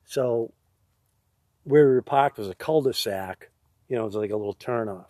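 A man's voice: mid-range voice, moderate pace, dark tone, dry recording. A man, co-hosting a podcast, telling rambling stories and laughing at his own jokes. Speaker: podcast co-host. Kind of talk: casual storytelling chat.

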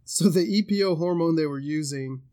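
A man with a fairly high voice co-hosts a podcast in easygoing chat. He tells stories loosely, swears freely and slips into quick impressions. He keeps it light. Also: dark tone. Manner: loose, swearing storyteller who does voices and laughs often. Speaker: podcast co-host. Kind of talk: casual chat.

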